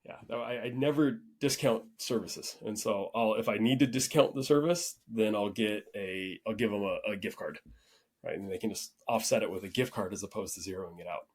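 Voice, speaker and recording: A man hosting a podcast, telling a story in a relaxed, rambling way with frequent restarts. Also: on the low side, a little fast, husky. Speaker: podcast host. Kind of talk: casual conversational storytelling.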